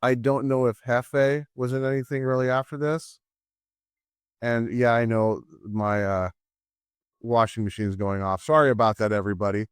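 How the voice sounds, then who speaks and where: A man's voice: medium pitch, fairly even intonation, normal speed, clean tone, dry recording, clean studio sound. A man at home co-hosting a casual movie-review show, easygoing and repeating words as he thinks aloud. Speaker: podcast co-host.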